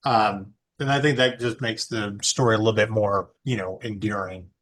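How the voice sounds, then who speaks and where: A man's voice: fairly low pitch, fairly even intonation, normal speed, a bit bright. A man co-hosting a podcast, talking in a rambling way with many fillers and restarts. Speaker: podcast co-host. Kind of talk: casual chat.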